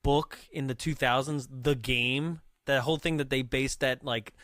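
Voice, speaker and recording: A man's voice: medium pitch, fairly even intonation, moderate pace, a bit bright, no room sound, studio quality. A man co-hosting a movie podcast, chatting casually and laughing often as he quotes the film. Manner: laughs often, quotes lines in a put-on accent. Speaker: podcast co-host. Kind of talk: casual movie review chat.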